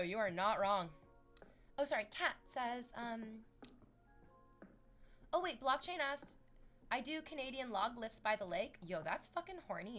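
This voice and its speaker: A woman's voice: on the high side, fairly bright tone. A woman streamer chatting casually and sarcastically, reading chat messages aloud.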